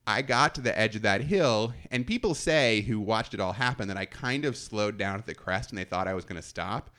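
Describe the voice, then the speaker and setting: A man's voice: fairly low pitch, a little fast, sharp tone. A man telling a self-mocking story from his college days in a casual chat, laughing often. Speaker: podcast storyteller.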